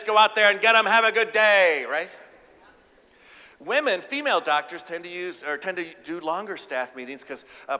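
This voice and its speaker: Animated man giving a humorous keynote. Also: fairly high pitch, big-room sound. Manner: animated, acts out quotes with a raised voice. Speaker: keynote speaker.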